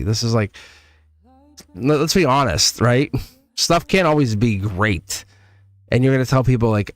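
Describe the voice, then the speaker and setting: A man giving a live tarot reading, animated, laughing often and talking straight to his viewers. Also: mid-range voice, moderate pace, no echo. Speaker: tarot reader.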